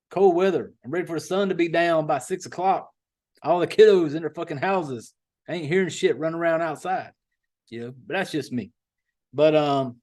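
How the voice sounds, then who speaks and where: A folksy man hosts a podcast in loose, profane chat. His voice sits a little high for a man, and he rambles and drawls as he goes. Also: darkish tone. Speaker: podcast host.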